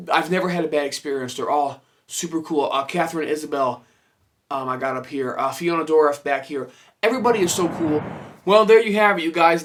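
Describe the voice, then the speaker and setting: Chatty man telling fan stories, pitched a bit high. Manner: animated, swears freely, lots of fillers and quoted dialogue. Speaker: horror collectibles vlogger. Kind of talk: casual storytelling to camera. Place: room full of his collection.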